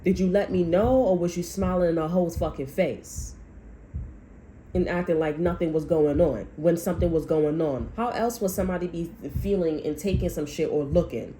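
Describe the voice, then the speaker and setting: A woman's voice: fairly low pitch, normal speed, mellow, slight background noise, rough recording. A woman tarot reader delivering a blunt, heavily profane, heated rant about what spirit is telling her. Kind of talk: channeled reading rant.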